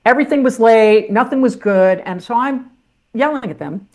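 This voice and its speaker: Her voice is a little high and her pace moderate. As a podcast guest, this older woman, who went from sportscasting to teaching, tells her life story candidly, in a blunt, salty, self-mocking style.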